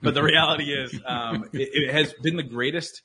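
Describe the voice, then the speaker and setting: A man's voice: on the high side, steady tone, normal speed, crowd noise. A man talking as a podcast guest in casual interview chat, earnest and motivational, with lots of likes and restarts. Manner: earnest, motivational, filler-heavy.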